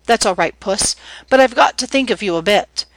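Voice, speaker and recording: A woman's voice: mid-range voice, lively intonation, normal speed, no room sound, lightly acted, poor audio. A woman reading as a young man, a teasing yet protective older brother who talks in a breezy, slangy, earnest way.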